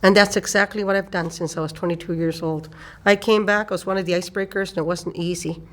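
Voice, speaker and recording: Older woman telling a story, unhurried. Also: lowish voice, fairly even intonation. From eastern Canada. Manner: unhurried, repeats phrases for emphasis. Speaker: elder storyteller. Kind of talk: personal storytelling.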